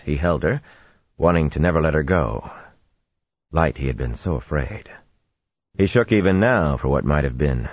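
Very deep, husky male narrator. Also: a little slow, no room sound, muffled recording. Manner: steady storytelling with expressive swings. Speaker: audiobook narrator. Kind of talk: fantasy audiobook narration.

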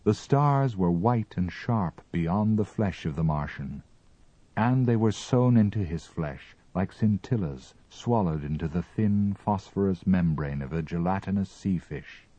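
A man narrating a story as an audiobook reading, with expressive, measured storytelling. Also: deep voice, dry recording, dull audio.

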